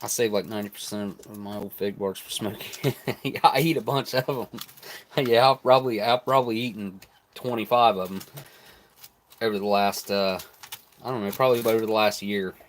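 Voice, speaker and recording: Male streamer, low voice, relaxed chatty food review, mouth full at times, light background noise. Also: normal speed. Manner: relaxed, chatty, talks while chewing. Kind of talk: live stream food tasting.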